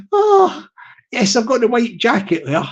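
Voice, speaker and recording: A man with a Southwest England accent hosts a relaxed livestream and talks straight to his chat. He rambles and repeats phrases as he runs through shout-outs. He laughs easily and keeps it all loose and casual. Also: very high-pitched, lo-fi sound. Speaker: livestream host.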